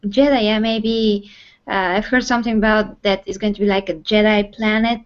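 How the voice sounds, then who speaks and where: A woman co-hosting a casual movie chat, often pausing to search for words with many fillers. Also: mid-range voice, level tone, muffled recording. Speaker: co-host.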